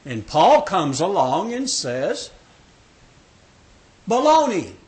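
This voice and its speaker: A man's voice: high voice, big pitch swings, slow pace, a bit bright. An older man in his sixties leading a Bible study class, joking and emphatic as he asks questions. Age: 60s. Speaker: Sabbath school teacher.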